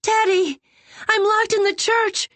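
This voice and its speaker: A woman voicing a frightened young girl with shrill, sobbing pleas. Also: level tone, a little slow, a bit bright, no room sound. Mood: terrified. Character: terrified young girl, shrieking for help.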